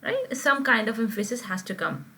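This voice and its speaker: A woman's voice: a little high, lively intonation, moderate pace, sharp tone, slight background noise, poor audio. A woman teaching Quranic Arabic grammar in an online class, explaining step by step and often checking whether her students follow. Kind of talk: live online grammar lesson.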